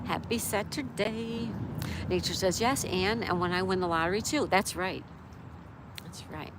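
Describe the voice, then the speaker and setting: A woman's voice: lowish voice, normal speed. A woman live streaming outdoors, chatting casually and reading chat messages aloud while tending her dog. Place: outdoors by a road in a town. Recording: outdoor stream with clear traffic noise. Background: street and vehicle noise.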